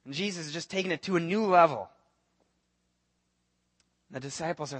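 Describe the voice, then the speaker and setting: A man preaching a sermon as pastor, telling the story in an earnest, animated way and acting out the voices of the people in it. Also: a little high, a little fast, long pauses.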